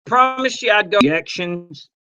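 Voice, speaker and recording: A man teaching a webinar on network marketing, casual and energetic, acting out little sales dialogues as he goes. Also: high-pitched, normal speed, smooth. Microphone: computer mic on a webinar.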